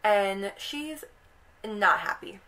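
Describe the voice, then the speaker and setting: Young woman, vlog host, casual storytelling, animated, acts out the characters, slow and unhurried. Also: mid-range voice, poor audio. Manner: animated retelling with quoted voices. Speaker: video host.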